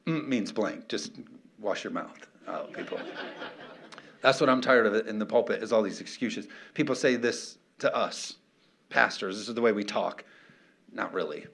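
A man's voice: lowish voice, gravelly, fairly bright tone, slightly rough. A middle-aged male pastor preaching emphatically, firing off rhetorical questions and calling for amens. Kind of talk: sermon.

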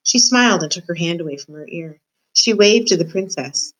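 A woman reading a children's novel aloud, in a steady, expressive storytelling voice. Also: on the low side, a little fast, low-quality recording. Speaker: reader.

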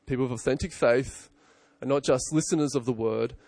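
A man's voice: mid-range voice, fairly quick, creaky, darkish tone, dry recording. A man in his thirties, a pastor preaching a conversational sermon full of rhetorical questions and self-corrections.

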